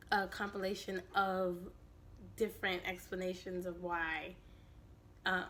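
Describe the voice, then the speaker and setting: A woman vlogger with a raspy, hoarse voice from allergies, chatting casually and animatedly with her viewers. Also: mid-range voice, a little hiss or hum. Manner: chatty and animated, quick asides.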